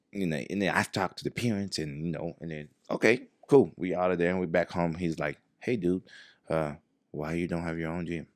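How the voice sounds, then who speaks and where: A man tells a story in a low, gravelly voice, acting out every line of dialogue. The sound is close and dry, with no room around it. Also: no room sound. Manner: animated, acts out quoted dialogue. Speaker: jiu-jitsu professor, guest. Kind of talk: casual storytelling.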